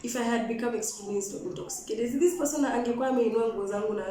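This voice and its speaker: A young woman with a Kenyan accent telling a personal story in an animated, frank way, switching between English and Swahili. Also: on the high side, racing. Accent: Kenyan, mixing Swahili and Sheng. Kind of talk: storytime vlog. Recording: echoey room, mic at a distance.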